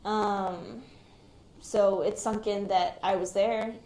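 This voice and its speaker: A young woman, an active military member, recounts surviving a shooting in a hesitant, reflective, quiet-spoken way. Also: medium pitch, fairly even intonation, takes it slowly. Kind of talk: recounting a personal experience in an interview. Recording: roomy recording with faint background noise.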